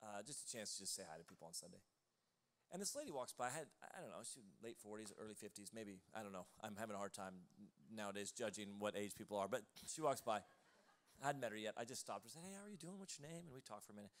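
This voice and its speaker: A man's voice: fairly low pitch, fast talker. A male pastor preaching a live sermon in a church, telling stories in a loose conversational way with laughing asides. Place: church auditorium, live service.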